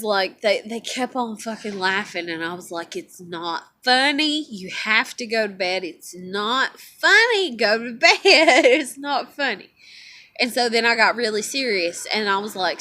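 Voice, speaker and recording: A woman's voice: medium pitch, fairly bright tone. A woman rambling casually as a vlogger, swearing constantly and laughing as she talks. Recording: noisy background.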